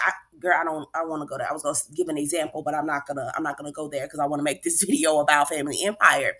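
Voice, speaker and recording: Woman, sassy and emphatic, crisp bright tone, casual reality TV recap. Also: sits low, fast, hardly any pauses. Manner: sassy, emphatic, talks straight to viewers. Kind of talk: casual commentary vlog.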